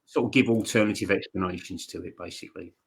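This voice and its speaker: A man's voice: low voice, fast talker, vocal fry, husky. A man co-hosting a paranormal live stream, chatting bluntly and informally with many fillers and restarts. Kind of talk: casual chat.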